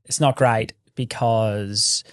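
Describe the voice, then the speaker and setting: A man's voice: on the low side, steady tone, slow, no room sound, studio quality. A man co-hosting a casual chat podcast, laid-back and blunt, swearing now and then. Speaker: podcast co-host.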